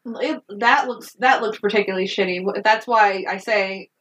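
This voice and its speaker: A woman's voice: mid-range voice, normal speed, fairly bright tone, recorded from a distance. A woman co-hosting a casual movie recap chat, sarcastic and laughing often, swearing freely. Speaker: podcast co-host.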